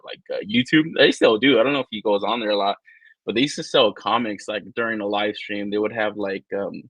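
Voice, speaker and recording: A man's voice: fairly low pitch, fairly quick, no echo. Profane, rambling man on a live stream. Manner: profane, rambling, animated storyteller who acts out quotes. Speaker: podcast co-host. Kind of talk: casual live-stream chat.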